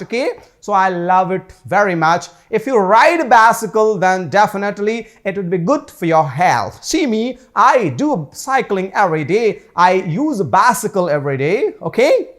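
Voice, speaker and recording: A man with an Indian English accent teaching pronunciation in a classroom lesson. He says each model word slowly and carefully, then drops into quick asides in Hindi. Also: high-pitched. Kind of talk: classroom lesson, repeat-after-me drills.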